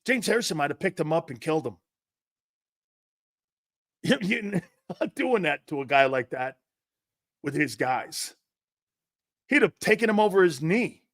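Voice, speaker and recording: A man's voice: fairly high pitch, animated, a little slow, long pauses, a bit bright, no echo, clean studio sound. Brash, profane male sports talk host. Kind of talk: live-streamed sports talk reading viewer chats.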